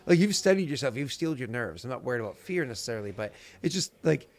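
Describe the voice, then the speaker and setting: A man's voice: medium pitch, very animated, fast talker, soft background music. A man narrating as game master, rambling, with restarts and sounds acted out. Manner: rambling, many fillers and restarts, vivid sound effects.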